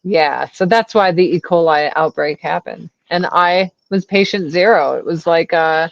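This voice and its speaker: A woman in her forties, a guest telling crude stories in animated, casual chat over a video call. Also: on the low side, normal speed, creaky, no echo. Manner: animated, crude, laughing storyteller. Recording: dull lo-fi sound.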